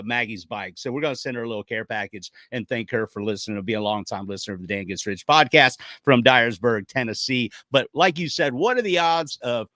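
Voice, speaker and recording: A man co-hosting a podcast, telling a story in a lively casual way and acting out the people he quotes. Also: medium pitch, no echo. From Jacksonville, Florida. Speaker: podcast co-host.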